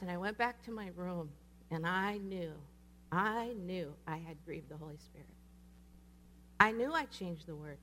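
A woman preaching in a casual storytelling way, acting out the voices of the people she quotes. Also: lowish voice. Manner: animated, acts out quoted voices. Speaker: speaker. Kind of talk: sermon storytelling.

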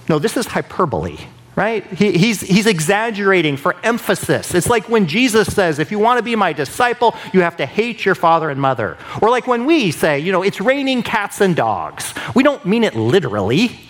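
Male preacher, fairly high voice with big swings in pitch; conversational sermon that jumps into pleading voiced prayers. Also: moderate pace. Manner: animated, acts out prayers in a raised pleading voice; conversational, keeps asking "right?".

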